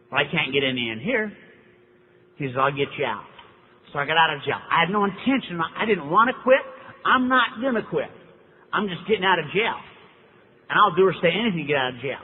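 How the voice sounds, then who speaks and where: An older man tells his story to a meeting, folksy and wry, landing punchlines. His voice sits a bit high for a man. The tape is thin and phone-like, with a long hall echo and faint hiss. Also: animated, fairly quick, long pauses. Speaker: recovery meeting speaker. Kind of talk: storytelling talk. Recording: tinny lo-fi hall recording.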